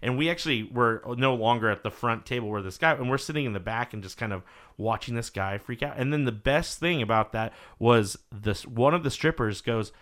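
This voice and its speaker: Hombre animado que cuenta anécdotas. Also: male voice, medium pitch, brisk. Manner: animated storyteller, swears freely, acts out quotes. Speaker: podcast host. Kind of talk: casual chat.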